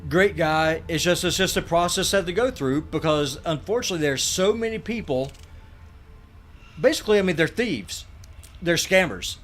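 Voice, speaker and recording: A man's voice: a little high, animated, normal speed, a bit bright. A middle-aged man, chatting bluntly and ramblingly while streaming a game from a desk mic. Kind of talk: casual live-stream chat while gaming.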